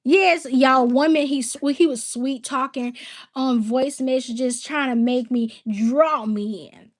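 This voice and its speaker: Squeaky, high-voiced woman host. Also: a little slow. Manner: giggly, relays viewers' comments, playful. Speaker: livestream host. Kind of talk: casual live-stream chat.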